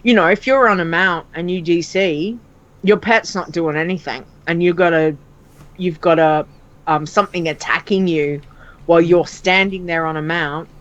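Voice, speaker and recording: A woman's voice: fairly low pitch, steady tone, moderate pace. Chatty woman on a lo-fi call. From Australia. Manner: chatty storyteller, laughs often. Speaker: podcast co-host. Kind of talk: casual podcast chat. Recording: dull lo-fi voice call audio.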